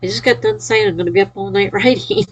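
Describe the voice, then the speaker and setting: A woman's voice: medium pitch, fast, low-quality recording. A sleepy, yawning woman chatting casually on a live stream, reading out and cheering viewers' chat messages. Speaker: livestreamer.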